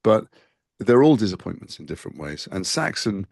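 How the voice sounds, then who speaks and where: A man being interviewed about a role he played, talking quickly in a conversational way with frequent restarts. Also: deep voice, sing-song, creaky, darkish tone, dry recording, clean studio sound. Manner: talks fast with frequent restarts and fillers. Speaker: actor interviewed as guest.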